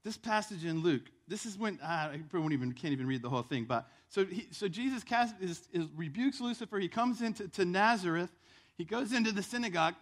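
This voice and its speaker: High-voiced fervent male preacher. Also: expressive, fast. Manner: fervent, exhortative, repeats phrases for emphasis. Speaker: pastor. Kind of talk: sermon. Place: church sanctuary.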